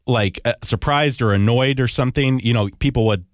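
A man's voice: mid-range voice, fairly quick, no echo, clean studio sound. A man co-hosting a casual chat, easygoing and laughing often as he relays listener emails. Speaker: podcast co-host.

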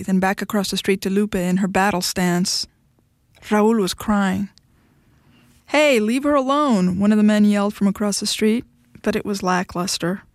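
A woman reading a short story aloud in a steady, even storytelling manner. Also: medium pitch, no room sound, studio quality. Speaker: narrator.

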